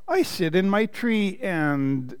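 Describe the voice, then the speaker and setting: A man's voice: sits high, lively intonation, takes it slowly, clear, resonant tone, in a large hall. A man voicing a cross, wise old owl in a fussy, hooting storybook voice. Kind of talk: reading a picture book aloud.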